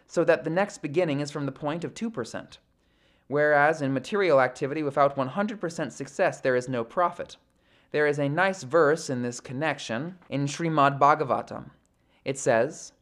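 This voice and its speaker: Man reading scripture, measured and reflective. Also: medium pitch. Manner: measured, reflective, slows down to think; hesitant fillers in commentary. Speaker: podcast host reading scripture.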